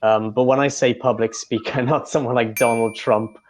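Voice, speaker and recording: A man who works as an English tutor answers interview questions in an explanatory way, his medium-pitched voice fairly even at a normal speed. He uses frequent fillers and often stops to restart. The lo-fi recording sounds dull, with slight background noise.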